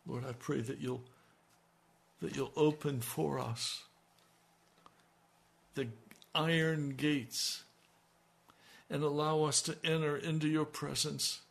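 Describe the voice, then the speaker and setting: A man's voice: fairly high pitch, fairly even intonation, slow, creaky, pauses often. A middle-aged male pastor giving a radio sermon and praying earnestly, pleading as he goes. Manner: earnest, pleading prayer that rises in intensity.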